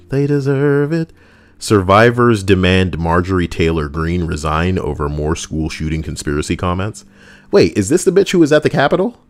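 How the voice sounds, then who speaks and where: A man hosting a livestream, reading posts aloud and riffing on them with crude, sarcastic commentary into a close desk mic. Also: low voice. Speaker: livestream host.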